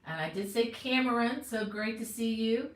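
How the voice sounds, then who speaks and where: A woman's voice: a little high, moderate pace, echoey room, poor audio. A middle-aged woman teaching crochet, chatting casually on a live stream and greeting viewers by name.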